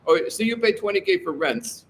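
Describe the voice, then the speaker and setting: A man's voice: high-pitched, lively intonation, brisk, creaky, slight background noise. A man hosting a casual livestream, reading out chat and rambling through his opinions with many fillers.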